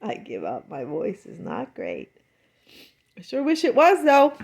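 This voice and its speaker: A dog owner coos at her pet in sing-song baby talk, recorded at home. Her slightly high, mellow, husky voice has vocal fry and huge pitch swings, and she speaks at a measured pace.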